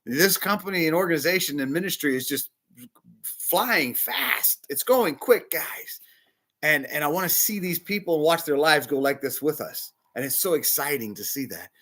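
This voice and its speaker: A middle-aged man, a bishop, preaching a sermon with emotional personal testimony, talking in a confiding, animated way. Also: fairly high pitch, normal speed.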